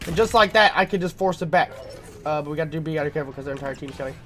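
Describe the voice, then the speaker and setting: A man commentating his own gameplay in a casual, rambling way, full of fillers and throat-clearing because he is sick. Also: a little high, very fast, a bit bright, slight background noise. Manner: rambling, filler-heavy, thinking aloud.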